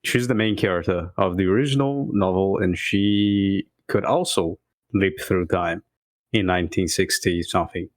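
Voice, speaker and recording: A man co-hosting a podcast and laying out background facts in a loose, chatty way. His voice sits fairly low, he chuckles as he talks and stumbles over a word here and there. The sound is dry and close to the mic. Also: moderate pace, no room sound. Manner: relaxed, chuckling, trips over words. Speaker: podcast co-host. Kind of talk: casual podcast chat, explaining background facts.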